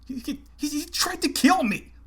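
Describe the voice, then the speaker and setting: A man's voice: extremely high pitch, animated, normal speed, sharp tone, voice pushed up, heavily acted. A man voicing a cowardly, panicked male officer who stammers and shrieks.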